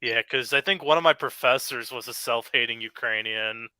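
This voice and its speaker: A man with a bright, smooth voice chats casually about politics. He hesitates often and repeats himself, and the sound is dry and close. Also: medium pitch, normal speed, no echo.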